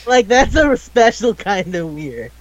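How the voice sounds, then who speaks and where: A man chatting casually about a video game, rambling and swearing as he acts out the characters' lines in quick bits. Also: high-pitched, sing-song, lo-fi sound. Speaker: podcast co-host.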